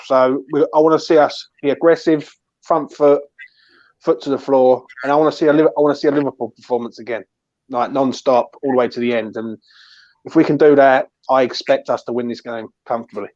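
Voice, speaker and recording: A man's voice: medium pitch, steady tone, fairly quick, a little mellow, no echo. A man giving passionate, emphatic opinions as a guest pundit on a live fan show. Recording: dry, dull lo-fi mic.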